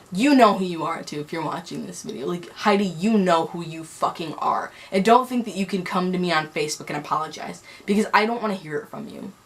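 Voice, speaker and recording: A young woman telling a personal story on a vlog, angry and heated, rambling with many restarts. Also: medium pitch. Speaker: vlogger.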